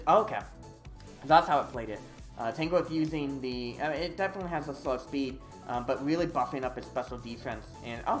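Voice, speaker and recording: Excitable game streamer, hesitant fillers, live commentary, faint music behind. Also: mid-range voice. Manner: excitable, swings from quiet muttering to loud whooping.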